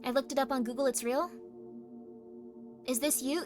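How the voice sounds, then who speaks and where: A woman hosting a casual livestream, chatting with viewers and reading their messages, teasing them playfully and at times pressing hard with loud, insistent demands. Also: sits high, steady tone, moderate pace. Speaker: livestream host. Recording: stream with music playing underneath. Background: clear background music.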